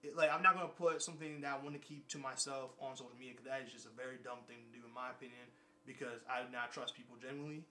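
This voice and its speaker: A man's voice: mid-range voice, fairly even intonation, racing, sharp tone, a little hiss or hum. A young man talking casually and at length, rambling, repeating himself and swearing freely. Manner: rambling, repetitive, profane. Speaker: vlogger. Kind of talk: casual monologue.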